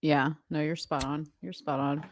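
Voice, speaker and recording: A woman's voice: low-pitched, steady tone, normal speed, no room sound. A woman co-hosting a casual political livestream, chatty and agreeable. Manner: chatty, agreeable, reads captions aloud. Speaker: co-host.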